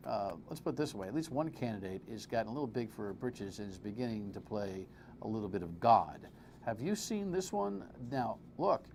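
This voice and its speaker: A man hosting a live TV political talk show, animated and exclamatory, full of rambling asides. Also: mid-range voice, slight background noise.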